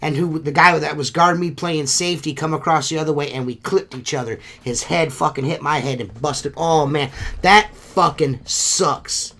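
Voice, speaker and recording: A young man with a bright, forceful voice, pitched a little high, telling work stories in casual chat. He swears freely and laughs often as he talks. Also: moderate pace, few pauses. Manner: profane, laughs often, animated storytelling. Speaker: podcast host.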